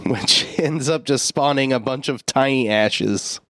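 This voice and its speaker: Recapping the movie slowly in a mid-range, slightly bright voice, this co-host keeps things casual and profane, cracking jokes and slipping into the characters' quoted voices. There's no echo, and the audio is studio quality.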